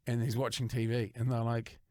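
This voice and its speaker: A man's voice: mid-range voice, completely flat delivery, fairly quick, dark tone, dry recording. Man, Australian accent, young adult, casual storytelling, swears a lot, dry sound. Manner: swears often, acts out quoted voices. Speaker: podcast co-host.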